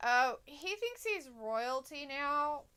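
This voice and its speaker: A woman's voice: sits high, expressive, slow pace, bright, forceful tone. A woman co-hosting a casual wrestling live stream, reading viewer comments aloud and reacting bluntly with plenty of swearing. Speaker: co-host reading chat.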